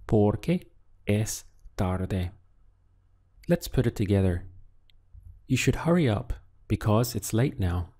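Man, language teacher, scripted lesson, calm and measured, lowish pitch, dark mellow tone. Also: breathy edge. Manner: calm, measured, prompting the listener to answer. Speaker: Spanish teacher.

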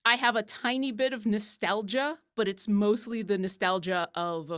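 A woman's voice: medium pitch, fairly even intonation, moderate pace, a bit bright. A woman co-hosting a livestream, chatting casually while painting miniatures, rambling and laughing often. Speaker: co-host of a painting stream.

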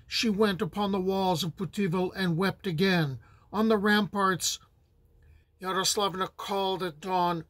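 A man reading a medieval epic aloud in a solemn, measured narration. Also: high voice, steady tone, fairly bright tone, dry recording. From United States. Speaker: storyteller.

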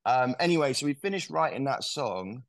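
A man's voice: medium pitch, expressive, a little fast, no echo. Rambling young English man, dry sound. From England. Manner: rambling storyteller with many restarts and fillers. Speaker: musician guest. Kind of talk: casual interview chat.

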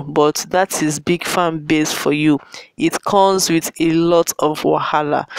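Smooth-voiced woman gossip vlogger. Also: low voice, no room sound, rough recording. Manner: warm, gushing and affectionate, addresses viewers directly. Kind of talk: reading fan comments aloud and chatting.

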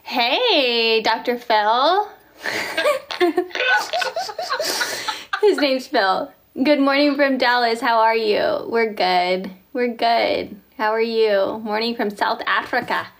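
Chatty high-voiced woman livestreaming. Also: takes it slowly, few pauses, a little hiss or hum. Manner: chatty, reads viewer comments aloud, laughs often. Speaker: livestream host. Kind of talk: casual livestream chat, reading comments. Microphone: phone.

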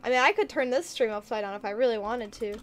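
A woman's voice: a little high, fast. A woman streaming a game, chatting casually in a bubbly, giggly way while reading chat aloud.

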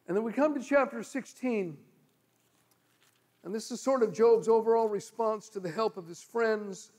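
A male pastor preaching a sermon, telling stories and shifting from loud pleading to low murmurs. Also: normal speed. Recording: long hall reverb.

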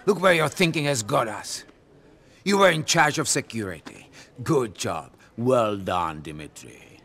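A man's voice: medium pitch, expressive, measured pace, gravelly, fairly bright tone, exaggerated voice. A man playing a volatile, paranoid male mob boss in a video game, swinging from laughter to menace. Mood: menacing.

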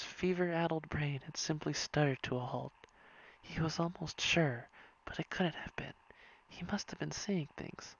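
A reader narrating a whispered bedtime story in a soft, hushed and unhurried way. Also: medium pitch, gravelly, breathy edge. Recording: dull lo-fi recording.

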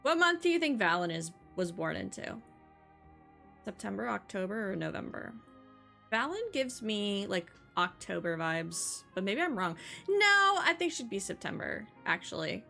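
A young woman hosting a casual let's-play, chatting excitedly and gushing as she plays. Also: medium pitch, normal speed, vocal fry. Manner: bubbly, excitable, gasps and gushes often. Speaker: gaming channel host. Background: faint game music.

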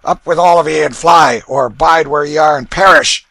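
A man reading aloud, voicing a rough, brutal middle-aged father who barks and growls orders in archaic speech. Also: mid-range voice, normal speed, fairly bright tone, dry recording, pitched above the performer's own voice. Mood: commanding.

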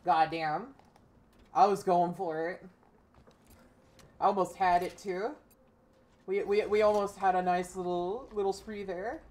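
A woman's voice: on the low side, fairly even intonation, unhurried, long pauses, darkish tone. A young woman streamer giving casual gameplay commentary, ranting profanely and frustrated at the game. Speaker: gaming streamer.

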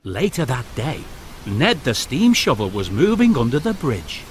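A man narrating a children's storybook aloud in an expressive, sing-song way. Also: medium pitch, a little slow, slight background noise.

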